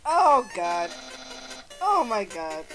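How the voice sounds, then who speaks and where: A woman's voice: mid-range voice, very animated, extremely slow. A young woman commenting live on a video game as she plays, swearing often and breaking into fits of laughter and shrieks. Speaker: let's play gamer. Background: game music.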